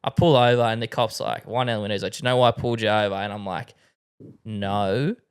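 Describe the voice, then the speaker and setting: A man's voice: on the low side, steady tone, fast, clean tone. Laid-back Australian guy telling stories. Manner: laid-back storytelling, heavy swearing and slang. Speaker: podcast host. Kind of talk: casual chat.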